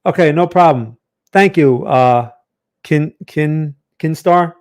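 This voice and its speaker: Speaking slowly into a close studio microphone, this trading channel host has a slightly high, darkish voice. Tired but chatty on his live market analysis stream, he reads out viewer messages and keeps asking "right?".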